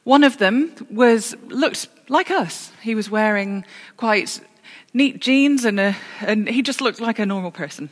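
A woman's voice: a little high, measured pace, hardly any pauses. Woman preaching in a reverberant church. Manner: storytelling with self-corrections and dry humour. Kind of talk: sermon.

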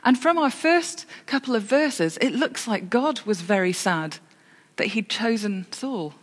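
A woman's voice: on the high side, animated, a little slow. Woman preaching in a reverberant church. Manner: storytelling with self-corrections and dry humour. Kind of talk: sermon.

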